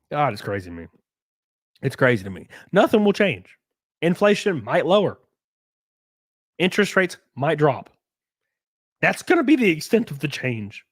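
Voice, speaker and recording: A man hosting a livestream, reading viewer donations and ranting in a profane, excitable way. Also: on the high side, a little slow, long pauses, no room sound, studio quality. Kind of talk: casual livestream chat and rant.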